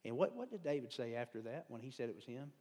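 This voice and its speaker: A man's voice: medium pitch, big pitch swings, fast talker, mellow, slightly rough. A man delivers a folksy lay sermon in a mid-range voice, talking to the room like a neighbor. He wanders into asides and pokes fun at himself. The sound carries a long, reverberant hall echo. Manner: conversational, digressive, self-deprecating humor. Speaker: lay preacher.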